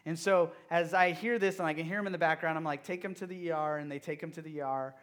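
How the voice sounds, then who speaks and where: A man preaching to a youth group as their pastor. He asks the audience direct questions and swings between loud emphasis and hushed, quiet moments. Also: a little high, fairly even intonation, fast. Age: young adult or middle-aged father of a toddler. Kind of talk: sermon.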